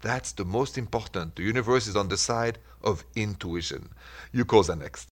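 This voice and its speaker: A low-pitched man with a French accent hosts a call-in advice show. He talks in short, earnest, reassuring phrases to a studio microphone. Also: moderate pace. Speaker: radio relationship advice host.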